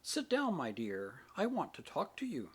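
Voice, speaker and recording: A proud middle-aged minister speaks with stern authority and biting irony, his husky voice sitting a little high. A man voices him in an audiobook reading. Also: huge pitch swings, normal speed, full character voice. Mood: stern reproach.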